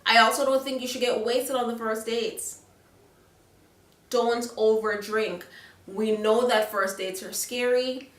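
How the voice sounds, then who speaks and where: A woman's voice: a little high, steady tone, measured pace. A young woman with a Jamaican accent gives frank, chatty advice to camera in a casual vlog, often checking in with "okay?". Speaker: vlogger. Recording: roomy echo, a little far from the mic.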